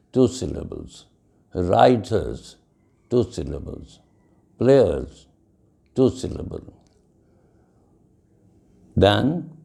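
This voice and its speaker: A middle-aged man delivers a classroom lecture at a very slow, measured pace. His voice is low, dark and gravelly, and he spells out each word letter by letter. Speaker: English teacher.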